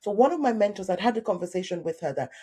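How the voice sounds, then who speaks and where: A Nigerian-born woman in her thirties, a career coach telling a personal story in a podcast interview, animated and acting out the voices she quotes. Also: mid-range voice, very fast, husky.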